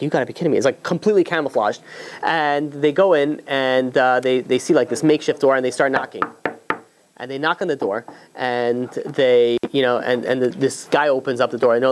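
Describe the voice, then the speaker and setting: A man, a rabbi, telling a story in a casual sermon, full of fillers and restarts, briefly voicing the characters. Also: mid-range voice.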